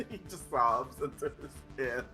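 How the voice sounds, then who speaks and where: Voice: mid-range voice, lively intonation, measured pace, bright, forceful tone, faint music behind, poor audio. A narrator running a live-streamed tabletop role-play, describing the scene with frequent giggles. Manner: giggly storytelling, laughing often. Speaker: game narrator.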